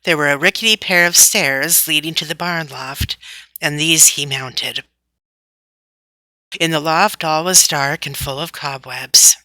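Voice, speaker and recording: A woman reads a classic children's story aloud with a steady, even delivery. Her voice sits low but carries a bright, crisp edge. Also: measured pace, no echo, poor audio. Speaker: audiobook narrator.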